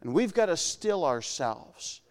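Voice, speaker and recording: A man's voice: a little high, big pitch swings, a little slow. A man preaching a sermon in an earnest way, often acting out the voices he quotes. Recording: long hall reverb.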